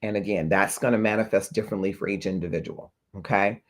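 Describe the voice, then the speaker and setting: A man with a fairly low voice hosts a heartfelt talk for his listeners. He speaks earnestly and reflectively, pausing to gather his thoughts and checking in with the people listening. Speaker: host of a talk show on grief. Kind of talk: heartfelt livestream talk to viewers.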